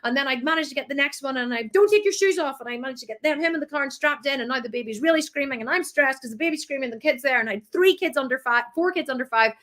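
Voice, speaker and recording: A woman tells a story in a masterclass. Her voice sits a little high. She talks in a chatty, animated way and swears freely. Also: racing, hardly any pauses. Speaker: coach. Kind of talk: masterclass talk, personal story.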